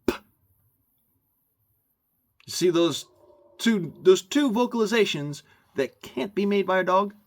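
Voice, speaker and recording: A man ranting into the camera for his vlog, emphatic and meandering, often repeating himself. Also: sits high. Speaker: vlogger. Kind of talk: rambling rant to camera.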